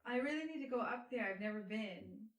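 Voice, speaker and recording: A woman co-hosting a podcast, reacting with quick jokes and interjections. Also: on the high side, animated, echoey room. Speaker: podcast co-host. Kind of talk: casual chat.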